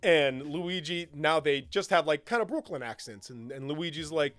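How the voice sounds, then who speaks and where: A man co-hosting a podcast, talking in an enthusiastic, animated way and laughing often. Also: on the high side, normal speed, hardly any pauses, clear, resonant tone, dry recording, soft background music. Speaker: podcast co-host. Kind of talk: casual chat.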